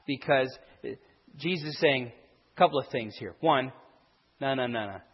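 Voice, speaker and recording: A Bible teacher with a husky, medium-pitched voice explains a passage verse by verse at normal speed, restarting sentences and stressing words emphatically. The recording sounds dull, with a long hall echo.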